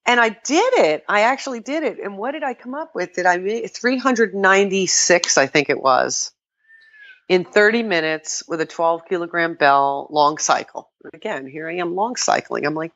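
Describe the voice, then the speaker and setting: An older woman, a podcast guest, chatting casually and telling lively stories, often quoting herself and laughing. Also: lowish voice, normal speed, highs cut off. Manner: animated storytelling, quotes herself, laughs often. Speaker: podcast guest, kettlebell sport athlete. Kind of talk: casual interview chat.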